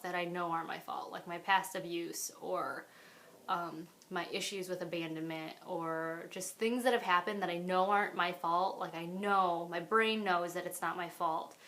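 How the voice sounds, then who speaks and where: A young woman vlogging from home in a low-pitched voice, talking openly and meandering from thought to thought. She fills her sentences with "like" and "I don't know" as she speaks straight into the camera. The delivery is loose, personal and unscripted. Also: a bit bright. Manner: rambling, candid, full of "like" and "I don't know". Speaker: vlogger and mother. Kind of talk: candid talk to camera.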